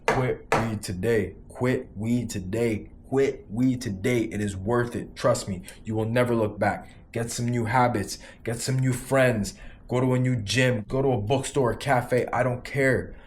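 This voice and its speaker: A man's voice: mid-range voice, background noise. A man in his thirties giving an emphatic motivational talk to camera, repeating lines for punch and swearing casually. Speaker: vlogger giving quit-weed advice.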